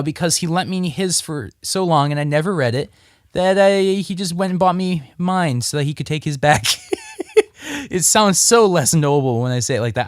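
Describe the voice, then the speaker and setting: A man's voice: a little high, no room sound, clean studio sound. A man casually reviewing comic books on his vlog, rambling and throwing in crude jokes. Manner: rambling, joking, crude asides.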